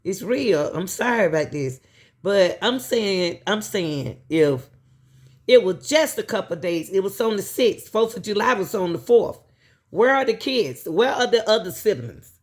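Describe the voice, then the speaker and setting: A woman's voice: mid-range voice, expressive, unhurried. A woman host giving emphatic commentary to her viewers, repeating herself and asking pointed questions.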